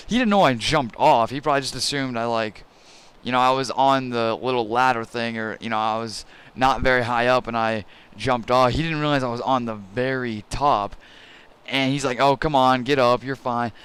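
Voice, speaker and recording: A man's voice: medium pitch, a bit bright, clean tone. A young man hosting a gaming channel, telling a story over gameplay in a rambling, casual way full of "you know" and fillers.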